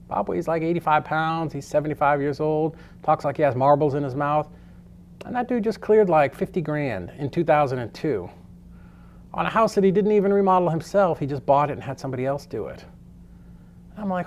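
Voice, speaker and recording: A man's voice: on the high side, animated, fairly quick, a little hiss or hum. A middle-aged man teaching a real estate course in a casual storytelling way, loose and chatty, with frequent swearing.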